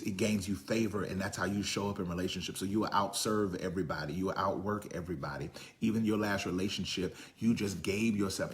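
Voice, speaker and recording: A man preaching a sermon, swinging from hushed, whispered lines to loud, high-pitched storytelling. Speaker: pastor.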